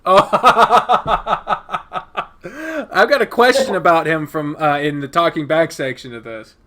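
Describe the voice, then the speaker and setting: A man's voice: on the high side, slow pace, pushed and bright. A man chatting casually as a podcast guest, rambling and swearing, laughing often. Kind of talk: casual chat.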